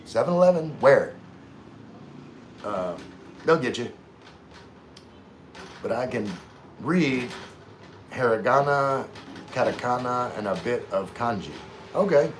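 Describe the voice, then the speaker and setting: A man's voice: mid-range voice, expressive, slow, long pauses, a little hiss or hum. A man hosting a casual livestream, reading viewer comments aloud and chatting in a rambling way, often losing his train of thought.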